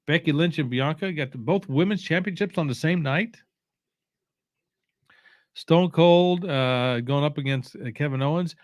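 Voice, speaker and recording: A man hosting a watch-along, rambling casually with strong opinions, halting often with fillers and restarts, sounding sleepy. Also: fairly high pitch, no room sound, studio quality. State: sleepy, yawning.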